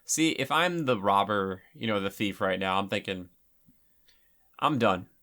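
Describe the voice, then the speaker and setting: A man's voice: fairly low pitch, lively intonation, moderate pace, pushed and bright. A man giving casual commentary over a film, chatty and rambling, with lots of filler words.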